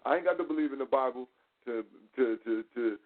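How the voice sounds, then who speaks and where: A man tells a story for his talk show in loose, profane street slang and keeps it animated throughout. His voice sits at an everyday middle pitch. The sound is narrow and tinny, like a phone line. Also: fairly quick. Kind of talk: casual storytelling chat.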